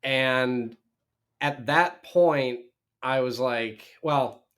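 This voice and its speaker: A man from Minnesota, a real estate investor, telling stories as a podcast guest with high energy, blunt profanity and quick restarts. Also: fairly bright tone, smooth. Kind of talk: casual interview storytelling.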